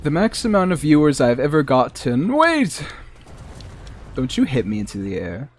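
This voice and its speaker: A man's voice: on the high side, wildly swooping pitch, moderate pace. A man streaming a game live, chatting in a joking, rambling, self-mocking way at a desk microphone. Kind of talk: casual live gameplay commentary.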